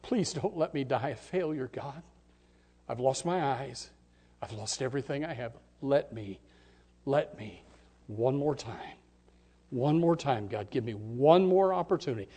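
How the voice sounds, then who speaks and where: A man's voice: mid-range voice, lively intonation, a little slow, breathy edge. A preacher putting on a blinded strongman begging. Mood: pleading. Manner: quiet pleading prayer. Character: blinded fallen strongman praying, grown man, desperate.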